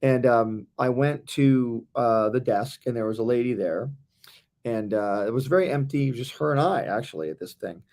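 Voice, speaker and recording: Male co-host, gravelly mid-pitched voice, rambling anecdotal faith chat. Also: normal speed, darkish tone. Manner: rambling anecdotal telling with fillers. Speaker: co-host of a Christian talk stream. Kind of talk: casual faith talk and storytelling.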